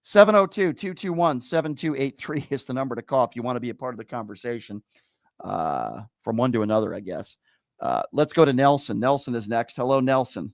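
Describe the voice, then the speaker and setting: A man's voice: medium pitch, lively intonation, brisk, vocal fry, no room sound. A man hosting a call-in political talk show, combative and sarcastic, insulting his callers.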